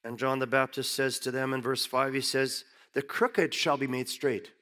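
A man giving a sermon who reads Bible verses aloud and then explains them in plain, everyday words, rising sharply in pitch to stress key points. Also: steady tone, measured pace, sharp tone. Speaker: preacher. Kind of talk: sermon reading and explaining scripture.

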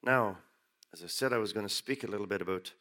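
A man's voice: fairly low pitch, quick pace. Man preaching a scripture sermon. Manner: reads verses aloud then explains them in plain words, with sharp rises for emphasis. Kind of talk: sermon reading and explaining scripture.

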